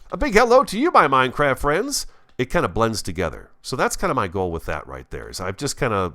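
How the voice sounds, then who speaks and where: A man's voice: on the low side, pushed and bright. A man hosting a Minecraft let's play, chatting casually with viewers in an enthusiastic, radio-style delivery. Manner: chatty, talks to himself while playing. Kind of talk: casual gameplay commentary.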